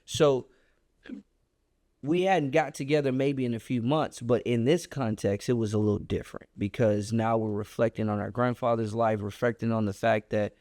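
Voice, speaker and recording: A man telling a personal story on a podcast, animated and emphatic in a casual, colloquial way. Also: moderate pace, no echo, studio quality. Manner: animated, emphatic storyteller with a wide pitch swing; casual and colloquial, reflective when making his point.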